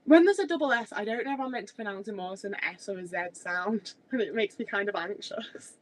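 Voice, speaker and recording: A woman's voice: mid-range voice, fast, low-quality recording. A woman, chatting casually on a livestream in a rambling way with many filler words. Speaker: streamer.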